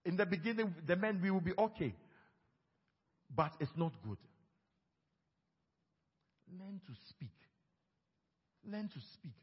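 A man preaching a sermon on marriage, lively, and he acts out quoted couples in small put-on voices. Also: a little high, slightly rough. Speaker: pastor. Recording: dull sound with long hall reverb.

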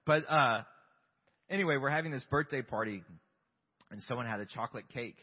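Husky-voiced man preaching in a reverberant hall. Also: mid-range voice, brisk. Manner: candid, self-deprecating, asks rhetorical questions. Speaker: pastor. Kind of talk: conversational sermon. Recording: long hall reverb, dull lo-fi sound.

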